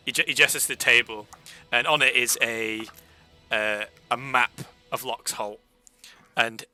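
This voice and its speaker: Man running a tabletop game, bright voice. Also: mid-range voice, dry recording. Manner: hesitant, filler-heavy narration. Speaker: game master.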